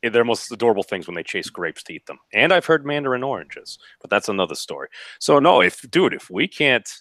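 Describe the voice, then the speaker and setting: A man's voice: medium pitch, brisk, no room sound, studio quality. A man rambling animatedly as a panelist on an online video call. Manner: rambling, animated, says frickin'. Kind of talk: casual banter in an online hangout.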